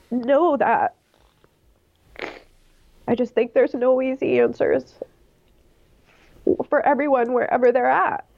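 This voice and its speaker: Woman podcast co-host, higher voice, casual and animated, dry slightly dull recording. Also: creaky, no echo. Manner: animated storytelling, acting out quoted voices. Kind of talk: casual chat.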